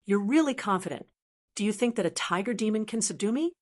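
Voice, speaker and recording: Calm disdainful young swordsman, read by a woman. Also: mid-range voice, fast, natural voice. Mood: confident.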